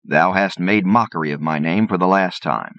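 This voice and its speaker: A man voicing a pompous male God who speaks in stentorian, archaic tones, slow and solemn, on a dull, lo-fi audiobook recording. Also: low voice, a bit bright, no echo, voice pushed up.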